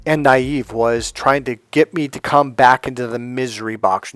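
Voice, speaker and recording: A man's voice: medium pitch, moderate pace, hardly any pauses, no echo, soft background music. Emphatic motivational coach, man. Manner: emphatic and animated, often acting out other people's lines. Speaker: life and dating coach. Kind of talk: motivational talk with personal stories.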